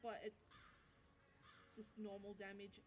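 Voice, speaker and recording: A woman's voice: medium pitch, monotone, takes it slowly. A woman with an Australian accent, a player at a tabletop game, talking casually and hesitantly with many fillers.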